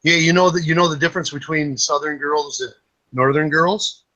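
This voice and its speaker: A man's voice: fairly high pitch, steady tone, normal speed, pushed and bright. A man from Minnesota telling jokey stories in a casual group chat, swearing freely. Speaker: chat participant. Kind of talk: casual storytelling.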